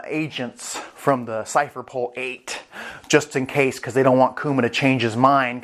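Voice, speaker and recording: A man's voice: medium pitch, fairly bright tone. Enthusiastic, swearing male reviewer. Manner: enthusiastic, profane and rambling. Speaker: anime review channel host. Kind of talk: casual chapter review.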